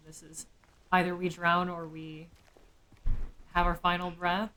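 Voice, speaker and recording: Woman, lowish voice, live game commentary, thinking aloud, joking, faint background hiss. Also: little pitch movement, a little slow, pauses often, pushed and bright, rough recording. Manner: musing, thinking aloud, jokey asides. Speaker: streamer.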